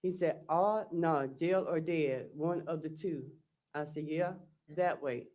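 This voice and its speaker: A woman with a low voice and a darkish tone testifies as a defendant. Slowly and with halting pauses, she reads out text messages in plain language, recounting each one as "I said" or "he said."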